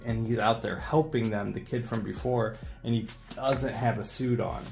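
A man's voice: fairly low pitch, steady tone, moderate pace, creaky, darkish tone, soft background music. A man reading a comic book aloud in a casual read-along, recapping in an enthusiastic, rambling way.

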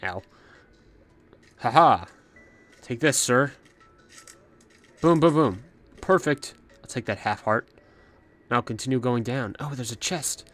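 A man's voice: medium pitch, takes it slowly, pauses often, fairly bright tone. A young man hosting a let's play, chatting about his plans and talking to the enemies on screen, a little out of breath. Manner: chatty, talks to the game's enemies. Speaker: gaming channel host.

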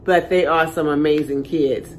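Older woman vlogger, homey and chatty, lowish voice, talks straight to her viewers. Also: steady tone, moderate pace, slight background noise. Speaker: channel host. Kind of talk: casual talk to viewers.

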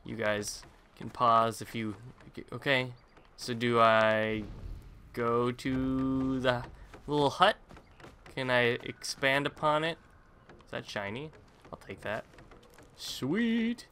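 A man's voice: mid-range voice, fairly even intonation, slow pace, long pauses, sharp tone, a little hiss or hum. A man casually commentating his own gameplay, rambling with jokey self-mocking asides. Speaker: gaming YouTuber. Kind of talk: casual let's-play commentary.

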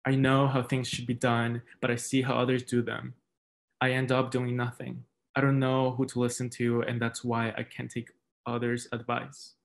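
A young Mexican American man reading his poems aloud at an online reading, measured and deliberate, with soft fillers between pieces. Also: mid-range voice, completely flat delivery, gravelly. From Mexican American, raised outside New York. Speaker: poet. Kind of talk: poetry reading. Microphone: video call.

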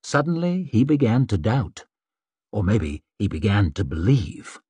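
A man narrating an audiobook in a measured storytelling manner, voice slightly husky. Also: fairly low pitch, sing-song, dark tone, dry recording. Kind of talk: scripted narration.

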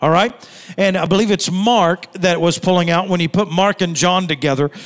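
High-voiced preaching man in echoey hall. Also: normal speed. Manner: emphatic preaching with repetitions and rhetorical questions. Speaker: pastor. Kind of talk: sermon. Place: church hall.

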